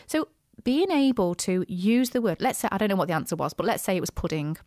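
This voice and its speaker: A woman hosting a business podcast, chatty and animated, with frequent asides and restarts. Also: medium pitch, brisk, hardly any pauses, dry recording, studio quality. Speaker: podcast host, business coach. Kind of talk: casual solo podcast talk.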